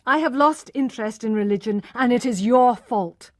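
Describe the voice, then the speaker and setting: A woman voicing a passionate, pushy young gentleman who has given up preaching, speaking urgently and insistently. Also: a little high, moderate pace, no echo, clean studio sound, pitched above the performer's own voice, natural voice. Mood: pleading, insistent.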